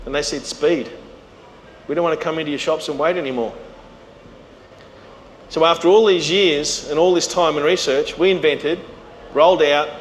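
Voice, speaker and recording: A middle-aged Australian man giving a storytelling business talk, acting out the voices of people he quotes. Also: medium pitch. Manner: animated, acts out quoted voices. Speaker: keynote speaker. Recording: reverberant hall with faint noise.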